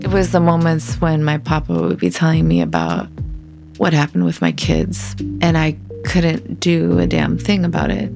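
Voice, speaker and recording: A woman telling her own story in an interview, reflective and halting, often pausing to find her words. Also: deep voice, big pitch swings, gravelly. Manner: reflective, halting, soft-spoken. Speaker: interviewee, former prison firefighter. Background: soft music.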